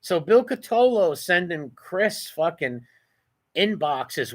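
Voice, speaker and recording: A blunt New man hosting a reaction commentary, mocking and profane. His voice is bright and somewhat high, with a forceful edge. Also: big pitch swings, takes it slowly. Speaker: commentary channel host.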